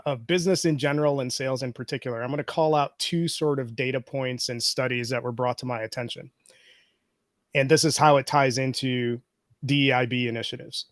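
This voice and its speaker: A male podcaster, appearing as a guest, answers interview questions in a measured, explanatory way, building his case step by step from data. His voice is mid-pitched and a bit bright, and the recording is dry and close with no room sound.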